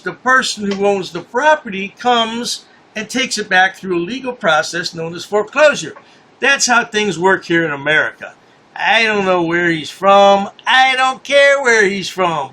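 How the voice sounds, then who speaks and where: A man's voice: high voice, lively intonation, moderate pace, pushed and bright. A man hosting a commentary channel, mocking a news story in a sarcastic, scornful way and repeating his points for effect.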